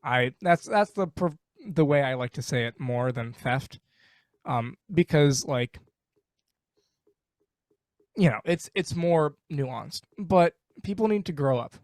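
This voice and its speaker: An animated man delivering an opinionated rant in casual conversation. His voice sits fairly high and sounds dry and close. He drives his points home emphatically and swears freely. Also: takes it slowly, dry recording. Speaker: podcast guest.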